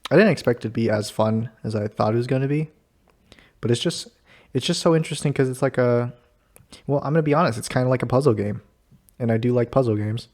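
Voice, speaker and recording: A man's voice: medium pitch, fast talker, a little mellow. A man hosting a casual chat with a friend, easygoing and laughing often. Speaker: host.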